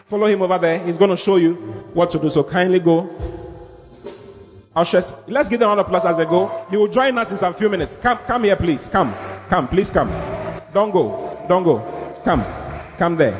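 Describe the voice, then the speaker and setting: A man with a high-sitting, expressive voice pastors a church service at a moderate pace, preaching a sermon and leading the congregation in call-and-response. The church hall gives long reverb, with faint music behind.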